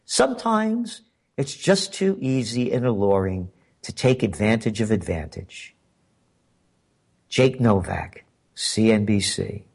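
A man's voice: on the low side, sing-song, slow, creaky, darkish tone, breathy edge. A man hosting a commentary show, delivering a sarcastic, emphatic political monologue full of rhetorical questions.

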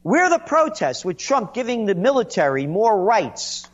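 A man on a sarcastic political rant, his voice sitting a little high and swooping all over the place. He sounds mocking and indignant, and the recording is dull and lo-fi. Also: very animated, moderate pace. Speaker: commentator.

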